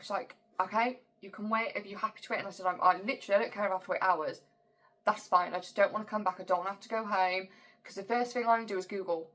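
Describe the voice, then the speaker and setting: A young adult woman, telling a personal story in a vlog. She retells it with strong emotion and acts out the other people's lines. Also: medium pitch. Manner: emotional, animated retelling with quoted dialogue. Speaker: vlogger.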